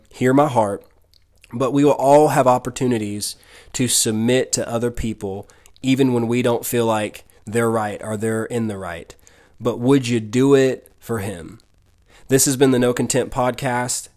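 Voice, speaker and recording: A man's voice: mid-range voice, darkish tone. A man hosting a devotional podcast, talking earnestly and directly to the listener in a preacher-like way. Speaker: podcast host.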